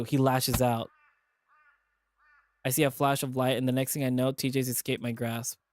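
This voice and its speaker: A man's voice: mid-range voice, clear, resonant tone, no echo, clean studio sound. A man streaming as he reads a visual novel aloud and voices its characters in a dramatic way. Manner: dramatic reading, animated asides.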